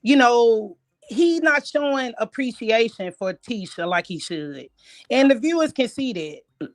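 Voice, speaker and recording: Animated woman, dry close sound. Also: a little high, no echo. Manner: animated, quick opinionated commentary. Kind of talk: live stream discussion.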